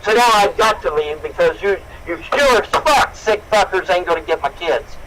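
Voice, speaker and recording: A man shouting and cursing in a furious confrontation. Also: high-pitched, expressive, moderate pace, heavy background noise. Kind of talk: angry livestream confrontation.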